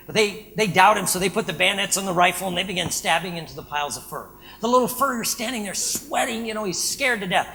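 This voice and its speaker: A man giving a lecture, telling an anecdote in an animated way and often checking in with "right?". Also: high-pitched. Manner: animated storytelling with frequent "right?" check-ins. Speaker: speaker. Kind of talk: storytelling lecture.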